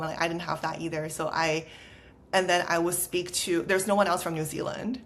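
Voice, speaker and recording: A woman's voice: deep voice, level tone, brisk, a little hiss or hum. A woman in her thirties with a Los Angeles Valley girl accent, a podcast guest chatting casually and scattering "like" through her sentences. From China. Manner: chatty, peppered with "like" fillers. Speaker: podcast guest, startup founder. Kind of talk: casual conversational interview.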